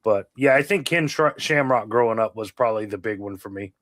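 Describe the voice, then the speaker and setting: A man chatting casually as a guest, relaxed and easygoing. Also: fairly low pitch, a little fast, no echo. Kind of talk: casual chat.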